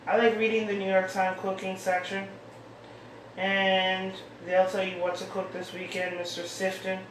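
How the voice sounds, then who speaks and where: A woman's voice: mid-range voice, little pitch movement, normal speed. A woman hosting her own show, chatting casually and rambling as she reads out mail she has been sent. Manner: rambling, chatty, thinks aloud. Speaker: host. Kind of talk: casual solo chat, reading out mail. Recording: echoey room, far from mic, faint hiss.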